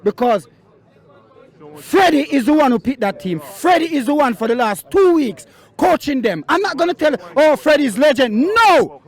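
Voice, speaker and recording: A man's voice: extremely high pitch, sing-song, normal speed. A man, a football fan, ranting passionately to camera outside the ground. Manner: impassioned, emphatic, repeats for stress.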